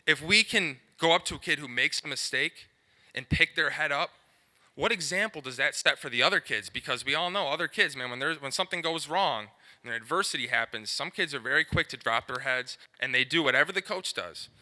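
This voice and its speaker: A man's voice: on the high side, fairly quick, bright, forceful tone. A man who played sports himself, giving an earnest motivational talk to youth coaches and speaking to his partner as coach. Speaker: co-presenter, former athlete.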